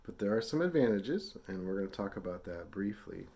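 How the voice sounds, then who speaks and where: A man's voice: lowish voice, lively intonation, a little fast, gravelly, warm tone. A man teaching a brass lesson, speaking patiently and casually with fillers, and sounding out tonguing syllables for students to copy. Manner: patient, demonstrates syllables aloud. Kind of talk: instructional lesson.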